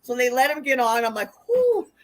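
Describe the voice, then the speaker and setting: Woman, bright tone, animated, profane, storytelling, casual interview. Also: a little high, quick pace. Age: older. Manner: animated and profane, acting out scenes. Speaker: wrestling interview guest.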